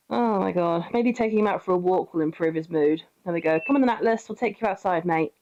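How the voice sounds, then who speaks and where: A woman's voice: lowish voice, quick pace, darkish tone, dull audio. Chatty sweary British young woman. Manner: chatty, sweary, laughs often, coos at her pet. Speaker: streamer. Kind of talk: casual gameplay commentary.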